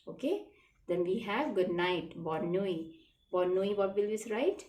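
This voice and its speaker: A woman teaching a children's French lesson, patiently repeating phrases and spelling words out letter by letter. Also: mid-range voice. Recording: echoey room, faint background noise.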